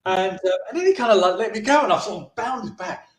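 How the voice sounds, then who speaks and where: A man with a notably high voice tells a rambling anecdote as an interview guest. He restarts his sentences often and slips into quick impressions of other people. The recording sounds roomy and echoey. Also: expressive. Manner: chatty, with frequent restarts and brief put-on voices for the people in his stories. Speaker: filmmaker interviewee. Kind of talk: anecdotal storytelling in a casual interview.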